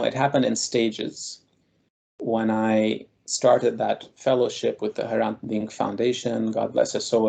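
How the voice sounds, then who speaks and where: Gravelly, husky man telling stories thoughtfully. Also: fairly low pitch, darkish tone. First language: Armenian. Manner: thoughtful, measured, with frequent pauses. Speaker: guest scholar. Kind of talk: reflective personal storytelling.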